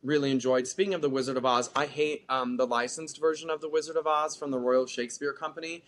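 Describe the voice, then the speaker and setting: A theater actor in casual interview, talking in an animated, rambling way. The voice sits mid-pitch and keeps peppering its sentences with "like". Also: fast talker, slight background noise. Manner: chatty, animated, lots of filler "like". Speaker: theater actor, podcast guest.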